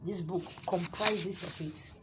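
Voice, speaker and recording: A Nigerian woman, a spiritual teacher, preaching to camera and selling her handouts, emphatic, repeating phrases, swinging from loud to hushed. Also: on the low side, slow, very noisy.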